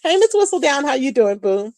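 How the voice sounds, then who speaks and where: A woman hosting a casual livestream, gossiping with viewers in an animated, chatty way and calling them "child" and "boo". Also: high-pitched, a little fast, no room sound, clean studio sound. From Texas.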